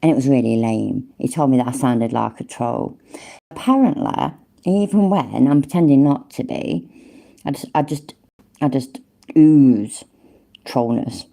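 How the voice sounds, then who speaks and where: A woman's voice: extremely low pitch, expressive, measured pace, creaky, dark tone. A woman giving mocking reaction commentary over a stream, sarcastic and taunting, swearing freely.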